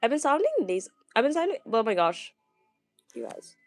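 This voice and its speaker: A woman's voice: fairly high pitch, very animated, normal speed, dry recording. Stuttery chatty girl vlogger, lots of ums, gushy, dry close sound. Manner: stumbling, stuttering, many fillers; chatty, gushing. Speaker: vlogger reading viewer comments. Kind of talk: casual livestream chat.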